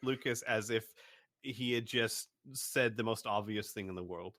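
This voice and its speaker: Male game master, casual, halting narration with restarts. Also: lowish voice, fairly bright tone, no room sound. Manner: stumbles and restarts while describing.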